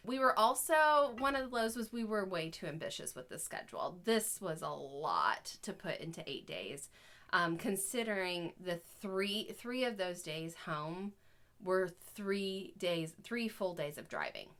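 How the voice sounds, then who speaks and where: A woman's voice: mid-range voice, animated, a little slow, fairly bright tone. A woman in her thirties co-hosting a family podcast, chatting casually, laughing often and talking openly about her feelings. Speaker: podcast co-host. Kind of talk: casual chat.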